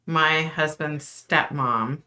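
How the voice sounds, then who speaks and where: A woman's voice: sits low, takes it slowly, bright, forceful tone. A middle-aged woman hosting a casual livestream, chatting and answering viewer comments. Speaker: livestream host.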